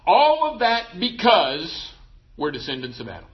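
A pastor preaching a sermon, emphatic and asking the congregation rhetorical questions. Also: male voice, high voice, huge pitch swings, a little slow, slightly rough, lo-fi sound.

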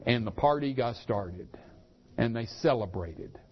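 A pastor preaching a sermon, acting out the story's characters with rising and falling intensity. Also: male voice, mid-range voice, expressive, measured pace, highs cut off.

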